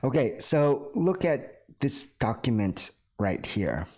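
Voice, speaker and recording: A man's voice: medium pitch, sing-song, slow, a little mellow. A man teaching an online English class, patient and repetitive, often checking in with "right?" and slipping in Korean words for his students. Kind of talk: recorded online class lecture.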